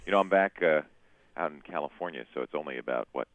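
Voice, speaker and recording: A man calling in by phone as a guest on a morning radio show, relaxed and easygoing. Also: extremely low pitch, fast, no echo. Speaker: guest, TV tech show host. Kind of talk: phone interview. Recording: tinny phone line.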